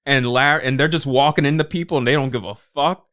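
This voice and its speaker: A man co-hosting a casual podcast chat, animated and laughing, acting out scenes from shows. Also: medium pitch, quick pace. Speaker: podcast co-host.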